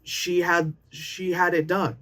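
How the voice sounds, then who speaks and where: A woman in her late thirties giving a casual, profane movie review, animated and often mocking characters in put-on voices. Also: lowish voice, takes it slowly. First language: Chinese. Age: late 30s.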